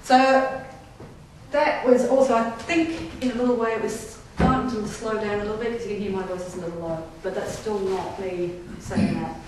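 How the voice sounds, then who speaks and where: With a mid-range voice, fairly even intonation and a moderate pace, a female paranormal investigator tells stories to a crowd at a display day inside an old gaol. She's chatty, keeps checking in with listeners and laughs often, while the recording picks her up from afar in a very echoey room with faint hiss.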